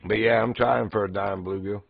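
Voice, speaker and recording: Guy streaming a fishing game, low gravelly voice, keeps cracking up telling stories, dull dry mic. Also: steady tone, moderate pace, dry recording. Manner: laughs often while telling stories. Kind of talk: casual chat while fishing in a game.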